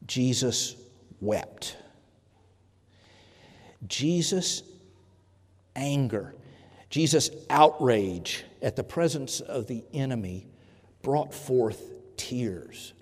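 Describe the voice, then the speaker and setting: Preacher guy talking slow and earnest, lots of pauses, big reverby hall sound. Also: medium pitch, expressive, darkish tone, slightly rough. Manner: earnest, with pauses and self-corrections. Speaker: pastor. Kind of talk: sermon.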